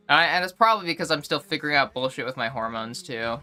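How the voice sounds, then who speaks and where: Young woman streamer, casual live chat, rambling with constant fillers; bright, crisp tone, faint music under her. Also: low-pitched, expressive, fast talker.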